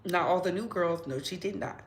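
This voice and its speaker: A woman's voice: on the low side, brisk. A woman hosting a casual gossip commentary channel, chatting and reading posts aloud to her viewers. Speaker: host. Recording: echoey room, faint noise.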